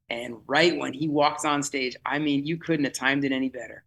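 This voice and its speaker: A man telling a vivid, excitable story in podcast chat, often restarting his sentences. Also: a little high, moderate pace, creaky, few pauses, low-quality recording. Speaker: festival producer guest.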